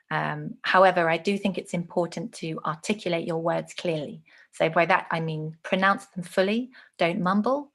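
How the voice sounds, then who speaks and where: A woman gives an online lesson in a slightly low voice with a gravelly edge. She explains at length, leaning on plenty of fillers as she goes. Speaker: teacher.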